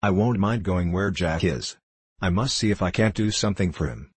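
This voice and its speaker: A man's voice: deep voice, normal speed, slightly rough, no echo. A man reading an earnest young working-class girl. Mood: resolute.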